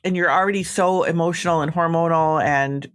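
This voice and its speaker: A woman's voice: on the low side, steady tone, fairly quick, fairly bright tone. A woman podcast host with a chatty, reassuring way of talking, giving advice in a casual conversation with many "like" fillers.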